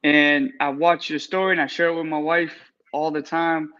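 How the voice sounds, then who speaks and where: A man's voice: a little high, flat delivery, moderate pace, bright, forceful tone. Gushing grateful man on a muffled stream call. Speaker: guest caller in recovery, barber. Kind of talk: emotional live-stream call.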